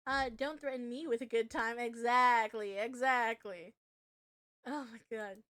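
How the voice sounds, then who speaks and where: High, bright young woman streamer. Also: unhurried. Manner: excitable, swearing, loud outbursts. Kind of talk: live reaction stream.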